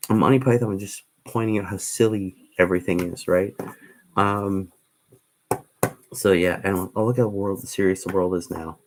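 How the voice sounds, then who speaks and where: Male streamer, slightly low voice, casual and rambling, lots of restarts. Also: fairly even intonation, normal speed, slight background noise. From Canada. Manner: casual, meandering, with many ums and restarts. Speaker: livestream host. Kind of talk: rambling livestream storytelling.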